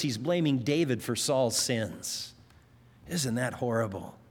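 A man preaching a sermon, telling Bible stories and briefly acting out the characters' lines as he goes. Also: big-room sound. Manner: storytelling, acts out quoted lines with rising pitch.

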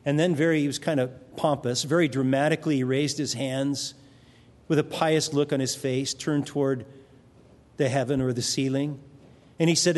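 A man preaching a sermon as pastor, emphatic, with dramatic pauses, recorded in a church sanctuary. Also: mid-range voice, fairly even intonation, a little mellow. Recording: long reverb of a large hall.

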